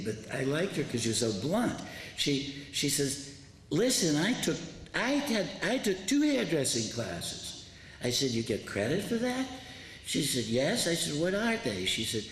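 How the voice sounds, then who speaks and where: An older man giving a public talk as an author, telling classroom stories in an animated way with many restarts. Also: mid-range voice. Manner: animated storyteller, quoting students, frequent restarts. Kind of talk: public lecture storytelling. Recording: echoey hall with faint noise.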